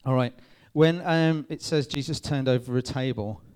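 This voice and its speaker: Lively youth pastor, smooth voice. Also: male voice, mid-range voice, normal speed. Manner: lively, addresses the group with frequent "okay?" checks. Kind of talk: youth talk. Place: room with a live youth audience.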